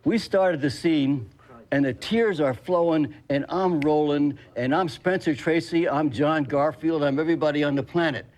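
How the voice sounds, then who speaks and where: A man's voice: fairly high pitch, normal speed, a little mellow. Emphatic older male actor telling stories. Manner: emphatic, blunt, salty storyteller. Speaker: actor guest. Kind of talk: emotional interview storytelling.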